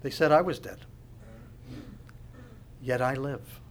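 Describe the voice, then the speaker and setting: A man preaching a sermon with passion, dropping to hushed asides and building to loud declarations. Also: medium pitch, takes it slowly, slight background noise. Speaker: pastor.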